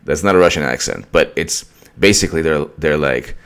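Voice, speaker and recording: Man, very deep voice, political commentary, ranting, mocking, repetitive restarts. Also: fairly quick, fairly bright tone, clear, resonant tone.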